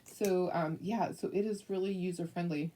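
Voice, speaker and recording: A woman's voice: on the low side, steady tone, normal speed, mellow, distant mic, slight background noise. A middle-aged woman hosting a casual live craft tutorial, chatty and rambling, with lots of fillers and frequent laughs. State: hiccups.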